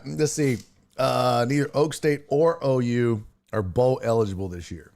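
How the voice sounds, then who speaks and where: A man with a mid-range voice and vocal fry runs a casual live-streamed sports talk show out of Texas. In a loose, animated manner, he reads viewers' comments aloud and teases fans of rival teams.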